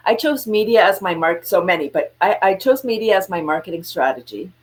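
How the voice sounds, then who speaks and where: A woman's voice: on the low side, brisk. A woman, a guest entrepreneur talking over a video call, telling stories animatedly and acting out quotes. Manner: animated storyteller, acts out quotes with laughs. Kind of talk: casual interview chat.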